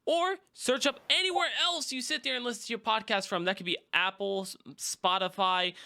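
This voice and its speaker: A man's voice: sits high, fairly even intonation, normal speed, creaky, pushed and bright. A young man hosting a casual podcast, enthusiastically plugging his channels and sponsor with frequent fillers. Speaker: podcast host. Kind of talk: casual podcast chat and self-promotion.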